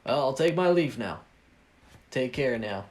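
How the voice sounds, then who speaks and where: A man voicing a friendly middle-aged uncle with a jovial, drawn-out way of greeting. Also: medium pitch, expressive, darkish tone, a little hiss or hum, natural voice.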